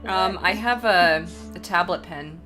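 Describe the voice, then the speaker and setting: A woman's voice: on the low side, unhurried, bright, forceful tone, soft background music. A woman running a tabletop horror game as game master, joking loosely with her players and recapping last session for chat.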